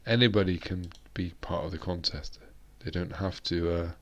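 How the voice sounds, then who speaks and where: A man's voice: low-pitched, normal speed, highs cut off. A British man hosting a live-stream chat, rambling along with plenty of fillers and restarts. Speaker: host.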